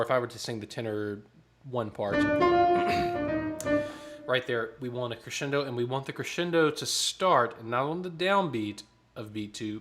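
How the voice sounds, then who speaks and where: A man's voice: medium pitch, fairly bright tone. Man coaching a choir, counting in. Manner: friendly coaching, often checks in with "yeah?" and "okay?"; clears throat often. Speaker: choir director. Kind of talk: online choir rehearsal coaching.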